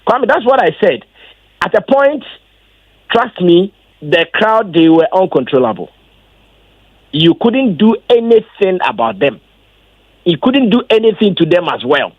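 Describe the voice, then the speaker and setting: A man tells his side in an interview, emphatic and animated, his voice jumping way up when he gets worked up. His speech sits a bit high for a man. The recording is dull and lo-fi, with a dry, close sound. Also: a little slow, long pauses, no echo. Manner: emphatic storyteller, voice jumps high when excited. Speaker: event organizer interviewed as guest. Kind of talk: casual interview answers.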